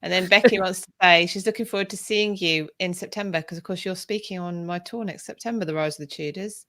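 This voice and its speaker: A woman's voice: lowish voice, fast talker, fairly bright tone. A woman co-hosting a casual online chat, upbeat as she relays audience questions. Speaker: co-host.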